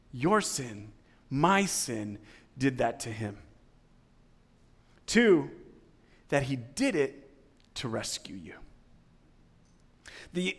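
A male pastor preaching a sermon, dropping to hushed, low passages and then building to loud, climbing peaks, repeating phrases for emphasis. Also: long reverb tail.

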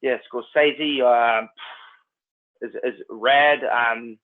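A New Zealand man with a Kiwi accent, an actor chatting as a guest in a relaxed, rambling way. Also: medium pitch, drawn-out words. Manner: laid-back, rambling, says "man" and "like" a lot. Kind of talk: casual chat. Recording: tinny phone-like line.

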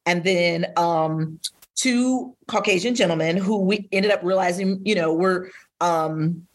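A woman in her forties from Indiana, telling lively stories as a guest on a casual podcast interview. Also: fairly low pitch, unhurried. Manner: animated storyteller, acts out quotes. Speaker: guest, wine business owner.

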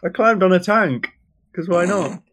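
Sunderland-accented male guest, high animated voice, sheepish and stammering. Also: normal speed. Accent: Sunderland English. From Sunderland, England. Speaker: podcast guest, streamer. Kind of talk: casual podcast chat.

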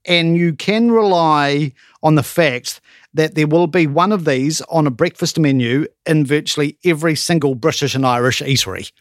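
A man's voice: on the high side, no echo, clean studio sound. A New man chatting casually as a co-host, laughing often. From New Zealand. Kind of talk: casual chat.

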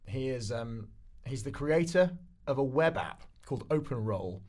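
A man co-hosting a casual pitch show, joking and reading notes aloud. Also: expressive, moderate pace, a little mellow. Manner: jokey, reads notes aloud, laughs often. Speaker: co-host. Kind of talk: casual panel chat.

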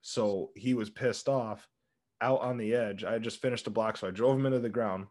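A man's voice: on the low side, steady tone, moderate pace, darkish tone. A young man co-hosting a podcast, telling stories in a laid-back, casual way. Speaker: podcast co-host. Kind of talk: casual chat.

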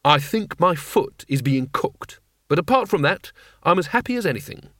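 A man doing a weary, put-upon male wizard from a comic fantasy storybook, muttering his thanks through gritted sarcasm. The voice sits a touch higher than plain narration, dry and close with no room around it. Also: big pitch swings, normal speed, a bit bright, no room sound. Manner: bitter, sarcastic grumbling.

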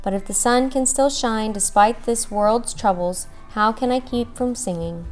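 A woman's voice: on the high side, measured pace, faint music behind, lightly acted. A woman voicing a cheerful, stubborn little rooster in a storybook read-aloud, with a lilting, lifted voice. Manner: cheerful, determined.

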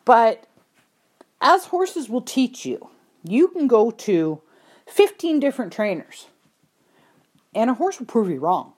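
A woman's voice: a little high, big pitch swings, slow, long pauses, a little mellow. A woman who sells horses, telling a story in a folksy, blunt way with mild swearing and acting out the people in it. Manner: acts out the voices in her stories. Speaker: horse trader. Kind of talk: casual storytelling.

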